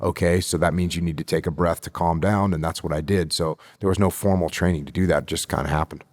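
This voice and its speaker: A middle-aged man from the United States talks as a podcast guest, steady and measured, and drives his points home by repeating them. His voice sits very low, and the sound is close and dry, with no room around it. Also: no room sound. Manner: emphatic, repeats key phrases for stress. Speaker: guest, retired military officer. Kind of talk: podcast interview.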